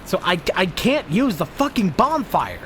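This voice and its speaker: A man streams a video game and rants at the enemies in his way, cursing constantly and sounding fed up. His pitch sits a little high and swings widely as he vents. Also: very animated, moderate pace, fairly bright tone, slight background noise. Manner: profane, exasperated, ranting at enemies. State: frustrated. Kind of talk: live gameplay commentary.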